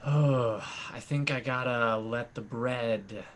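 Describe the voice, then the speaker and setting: A man judging an improv game over a video call, deliberating slowly in casual banter. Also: mid-range voice, a bit bright.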